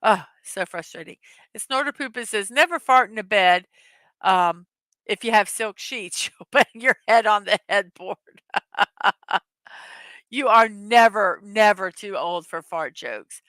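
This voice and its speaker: Giggly slow-talking woman host. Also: mid-range voice, a bit bright, no room sound. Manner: giggly, chatty, laughs often at her own jokes. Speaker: host of a daily morning show. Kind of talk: casual chat reading memes to a live audience.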